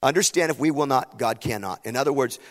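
A man's voice: mid-range voice, fast talker. A middle-aged man, a pastor, telling a personal story in a sermon and building to impassioned emphasis. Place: camp meeting hall. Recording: long hall reverb.

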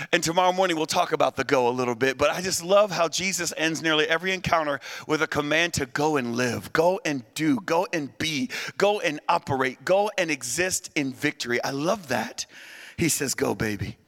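A middle-aged man preaching a lively, humorous sermon, shouting at peaks and drawing the crowd to answer back. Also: on the high side. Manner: animated, humorous, shouts at peaks, invites responses. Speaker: guest preacher.

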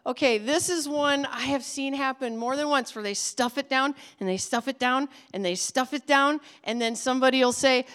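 Earnest high-voiced woman teaching. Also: moderate pace, hardly any pauses, a bit bright, smooth. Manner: earnest, emphatic, conversational. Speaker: ministry trainer for children's pastors. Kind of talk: teaching talk.

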